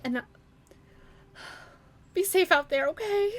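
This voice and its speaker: A woman voicing a doting, fussy middle-aged mother who speaks softly but sternly. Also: high-pitched, expressive, slow pace, slight background noise, heavily acted. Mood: fussing. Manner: soft, stern, fussing.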